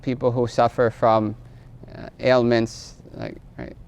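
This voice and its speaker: Male lecturer, smooth resonant voice, patient teaching manner. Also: mid-range voice, darkish tone. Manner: tags phrases with a questioning "right?"; explains patiently, quizzes the class. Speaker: teacher of Islamic law. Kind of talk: classroom lecture.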